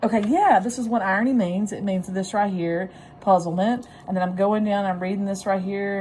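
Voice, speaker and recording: A woman's voice: mid-range voice, fairly even intonation, normal speed, few pauses, darkish tone. Woman teacher, test-taking demo, talking through her steps, classroom, faint background hiss. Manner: thinking aloud while working through a test.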